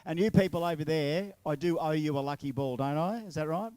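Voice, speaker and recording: An Australian event MC at an outdoor drag racing track banters with the crowd, teasing and joking. His voice is fairly high-pitched, smooth, and darkish in tone, and he talks a little fast. The recording has no room sound.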